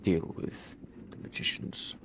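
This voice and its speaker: A man playing a chivalrous gentleman officer in a tabletop game, speaking with formal, clipped courtesy. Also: slow pace, a little hiss or hum. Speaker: player. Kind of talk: in-character tabletop role-play.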